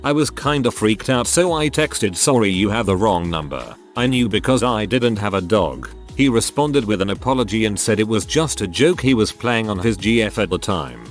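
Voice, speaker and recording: A man narrates online stories in a scripted, storytelling read. His voice sits on the low side yet moves around a lot in pitch. Faint music plays underneath. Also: animated, normal speed, hardly any pauses.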